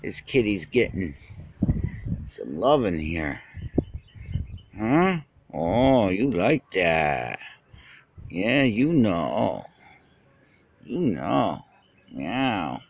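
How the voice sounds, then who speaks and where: A man coos at a cat in a high, swooping, singsong voice. His tone is husky and gravelly, and he draws his words out slowly. It sounds like casual phone footage shot outdoors. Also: very animated. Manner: cooing baby talk to a cat. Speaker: cat owner filming a stray.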